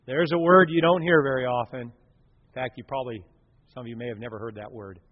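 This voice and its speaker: A man preaching a sermon in a dramatic way, swinging from hushed murmurs to loud exclamations. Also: medium pitch, steady tone, brisk. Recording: reverberant hall, dull lo-fi sound.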